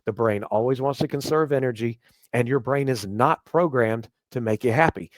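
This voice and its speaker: A man from the United States, a guest on a podcast who trains police officers, explaining his views in an earnest, measured way. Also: medium pitch, dry recording. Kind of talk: casual podcast interview.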